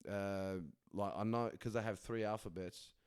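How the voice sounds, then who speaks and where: A man's voice: on the low side, steady tone, moderate pace, a little mellow, clear, resonant tone, no echo, clean studio sound. A man who is a comedian guest on a podcast, telling loose, casual stories with swearing and lots of "you know what I mean.". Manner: loose storytelling with swearing and filler phrases.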